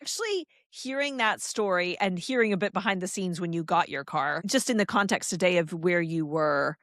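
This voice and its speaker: A woman's voice: on the low side, moderate pace, fairly bright tone, no room sound, clean studio sound. A woman co-hosting a podcast in casual chat, encouraging her partner and prompting her to tell the story. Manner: encouraging, prompting, frequent affirming murmurs. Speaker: podcast co-host.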